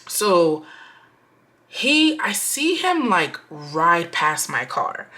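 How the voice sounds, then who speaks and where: Young woman, lowish bright voice, chatty storytime vlogger, slangy and animated. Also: very slow. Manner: animated, slangy, lots of "like" and "y'all". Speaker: budgeting vlogger.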